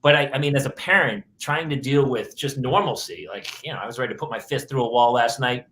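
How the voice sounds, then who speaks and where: A man's voice: mid-range voice, a little fast, a little hiss or hum, rough recording. A man co-hosting a talk show, chatting and joking about parenting over a video call. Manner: expressive, jokey. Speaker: co-host. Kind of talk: casual chat about parenting.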